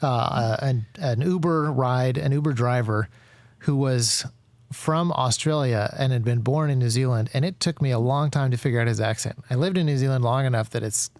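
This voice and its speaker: A man's voice: medium pitch, normal speed, darkish tone, no room sound. A man hosting a casual interview, talking in a rambling way with many fillers and self-corrections. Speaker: podcast host.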